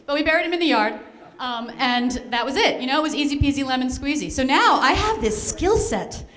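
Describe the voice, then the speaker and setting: A woman's voice: high-pitched, animated, a little fast, fairly bright tone. A woman on stage at a fundraiser, telling a self-mocking comic story into a microphone with playful drama. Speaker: speaker at a charity fundraiser. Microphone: handheld or stand microphone.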